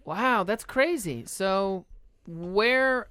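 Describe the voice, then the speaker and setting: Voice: mid-range voice, lively intonation, sharp tone, clean tone. Joking New comedian host. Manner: joking, quick to laugh. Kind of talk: casual podcast chat.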